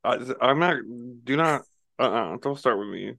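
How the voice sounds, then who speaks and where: A man's voice: medium pitch, expressive, a little slow, gravelly, bright, forceful tone, no echo. A man chatting as a guest on a podcast, hesitant and understated with a dry humor. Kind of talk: casual chat.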